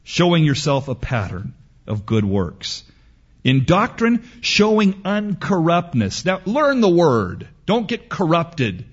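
A middle-aged preacher speaks slowly and deliberately, with a husky voice whose pitch swings widely. He tells stories and repeats his points with emphasis. The recording sounds dull and lo-fi. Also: huge pitch swings. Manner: storytelling, repetitive, emphatic. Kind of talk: sermon.

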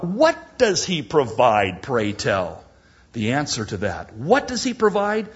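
Preacher, male, husky, dramatic pauses and hushed emphasis, dull recording. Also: mid-range voice, huge pitch swings. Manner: dramatic preaching, slows for emphasis and drops to a near whisper. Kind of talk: sermon.

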